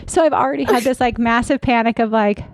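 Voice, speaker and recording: A woman's voice: on the high side, quick pace, dry recording. Playful, laughing young woman host. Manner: playful, laughs often, animated asides. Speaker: podcast host. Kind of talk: casual podcast conversation.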